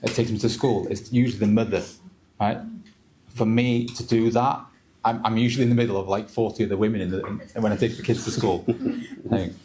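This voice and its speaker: A man's voice: lowish voice, steady tone, fast talker, dark tone. A man in his thirties, a father and trader, talking candidly and emotionally on stage at a live event. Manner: candid, emotional, repeats words. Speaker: trader speaking on a panel. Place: event hall with an audience.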